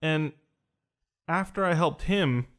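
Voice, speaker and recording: A man with a slightly raised voice tells a story in a relaxed podcast chat. He talks with animation and acts out the lines of the people in his story. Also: fairly high pitch, takes it slowly, clear, resonant tone. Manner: animated, acts out quoted dialogue. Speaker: podcast host recounting an experience.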